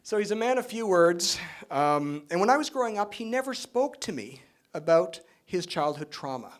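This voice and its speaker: Speaking at normal speed in a high voice, a middle-aged man from Spain, raised in Canada, delivers an awards-event keynote. His tone is relaxed and chatty, sprinkled with jokes, many fillers, and tag questions.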